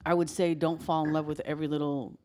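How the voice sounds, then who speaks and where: A woman's voice: low-pitched, level tone, fast talker, dark tone. A middle-aged woman co-hosting a podcast, talking in a candid, reflective way. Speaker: podcast co-host. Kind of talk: casual chat.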